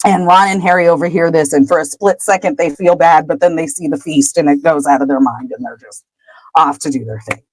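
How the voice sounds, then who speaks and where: A woman's voice: sits low, a little fast, dry recording, poor audio. A woman co-hosting a podcast, chattily retelling a chapter, laughing often and trailing off with "whatever.". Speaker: podcast co-host. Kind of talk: casual chapter recap.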